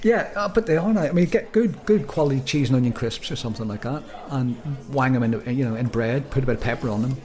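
A man's voice: medium pitch, fast talker, few pauses, a little mellow. A man with a British accent, co-hosting a podcast in casual chat, rambling and restarting his sentences with frequent laughs. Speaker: podcast co-host.

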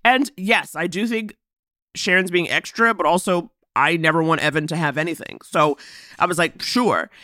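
A woman's voice: fairly low pitch, moderate pace, no room sound, studio quality. A woman co-hosting a podcast, chatting casually and animatedly about a movie she watched, often acting out the characters' lines. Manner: animated, quotes characters in put-on voices, laughs often. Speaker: podcast co-host. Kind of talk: casual chat recapping a movie.

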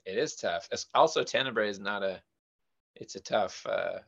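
A man's voice: fairly low pitch, normal speed, vocal fry, dry recording, lo-fi sound. A man as a podcast guest in casual chat, making dry, playful guesses.

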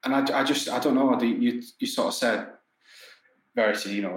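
A man's voice: on the low side, fairly even intonation, fairly quick, a bit bright. A man in casual podcast talk, blunt and swearing freely. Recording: echoey room with faint background noise.

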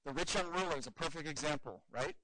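A man teaching evangelism in an earnest, animated way, telling stories and acting out the dialogue. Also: a little high, quick pace, noisy background. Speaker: evangelism trainer.

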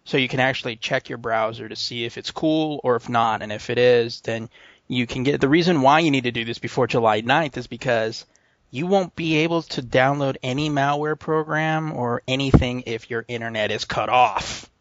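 A man's voice: medium pitch, moderate pace, no room sound. This is a man with a West Coast American accent, chatting casually on a tech podcast. He rambles with restarts and laughs often. The voice sits in the middle range, recorded dry on a slightly dull mic. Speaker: podcast co-host. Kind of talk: casual tech news chat.

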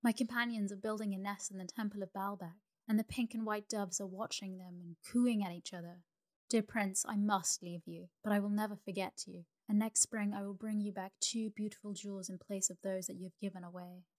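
A woman voicing a small, loyal, warm-hearted male swallow in a calm, tender storybook reading. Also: mid-range voice, brisk, close to an everyday voice. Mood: earnest.

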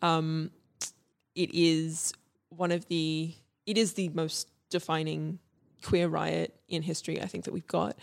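A woman's voice: low voice, level tone, unhurried, vocal fry. A young woman co-hosting a casual history podcast, talking with many ums and restarts. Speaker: podcast co-host presenting history.

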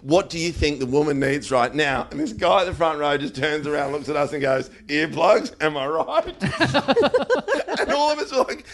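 Australian male comic, slightly higher pitched, very lively delivery, laughing retellings. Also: normal speed. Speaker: comedian guest. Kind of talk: casual comedic chat.

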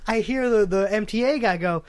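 A man telling a long, animated story in casual chat. He acts out the people he quotes, swears freely and laughs often. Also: high voice, moderate pace, very noisy. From New York.

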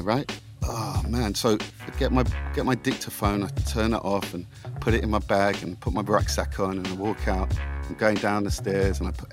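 A middle-aged man, a podcast guest, telling anecdotes with gusto, swearing freely and acting out the scenes he describes. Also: on the low side.

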